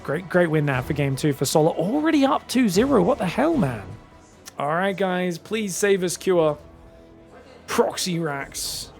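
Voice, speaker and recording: A man commentating a strategy game solo, quick excitable play-by-play with casual asides to his viewers. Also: high voice, gravelly, soft background music. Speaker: esports caster.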